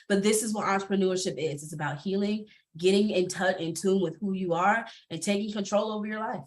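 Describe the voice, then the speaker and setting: A woman with a Southern US accent speaking candidly as a panelist on a video call, expressive and emphatic, laughing often. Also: mid-range voice, brisk, hardly any pauses. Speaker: panelist, business coach.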